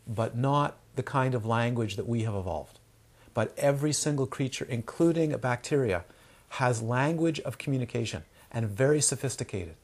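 A man's voice: mid-range voice, breathy edge. A man giving a Dharma talk to students, full of rhetorical questions and playful asides. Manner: animated, asks rhetorical questions, acts out crying babies. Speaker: Dharma teacher.

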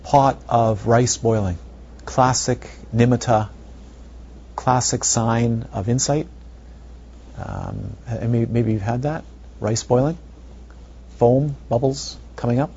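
A man's voice: medium pitch, takes it slowly, vocal fry, pauses often, warm tone. A man giving a meditation talk, repeating phrases and asking playful rhetorical questions, on a dull lo-fi recording. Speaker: meditation teacher. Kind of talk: dharma talk. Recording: dull lo-fi recording, faint hiss.

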